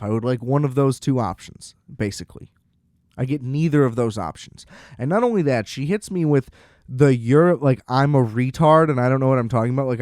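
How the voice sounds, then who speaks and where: A man hosts a solo podcast and rants in an exasperated, profane way. He acts out sarcastic exchanges as he talks. His voice sits at a middle pitch, and the recording is dry and close, with no room sound. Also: a little mellow, dry recording. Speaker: podcast host. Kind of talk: solo ranting monologue.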